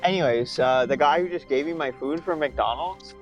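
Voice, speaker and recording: A man's voice: a little high, normal speed, dull audio, faint music behind. A man chatting casually with a friend, crude and teasing, swearing a lot. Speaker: friend on call. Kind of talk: casual chat.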